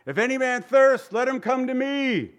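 A male preacher voicing a young rabbi who loudly proclaims himself to a crowd. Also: a little high, big pitch swings, a little slow, exaggerated voice. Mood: proclaiming. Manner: loud, proclaiming.

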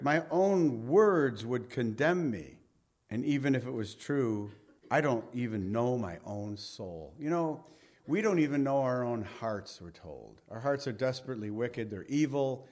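Male Bible teacher, mid-range voice, lively conversational sermon delivery with quiet, low closing lines. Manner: animated, reads scripture aloud then paraphrases it conversationally.

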